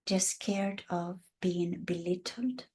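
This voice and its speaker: A fairly low, slightly mellow voice that moves slowly. The speaker is an Italian-accented woman in her fifties from Italy, a women's coach guesting in a casual interview, who talks passionately and performs the voices of the women in her stories.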